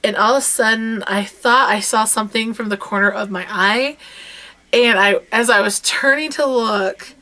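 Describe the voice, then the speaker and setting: A young woman vlogger casually telling personal stories, animated and sometimes breaking into loud yelling as she retells them. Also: a little high, normal speed. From rural United States. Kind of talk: casual storytelling chat.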